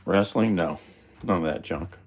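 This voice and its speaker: A man's voice: sits low, normal speed. A man in his sixties chatting casually and a bit rambling to the camera, recorded on a phone at home. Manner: relaxed, rambling, chuckling sign-offs. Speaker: vlogger.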